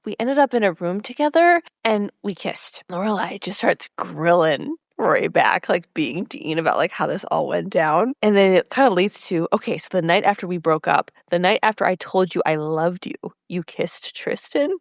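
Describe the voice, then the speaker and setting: Female podcast co-host, chatty and animated, voices characters mid-story, dry mic. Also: on the low side, normal speed, creaky, hardly any pauses, no room sound. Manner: animated, acts out characters' lines with laughs. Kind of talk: casual recap chat.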